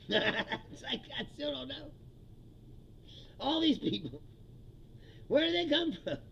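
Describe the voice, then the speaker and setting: A man's voice: very high voice, very animated, slow, vocal fry, fairly bright tone, muffled recording, slight background noise. A male comedian in a profane, mocking political rant, often laughing at his own jokes.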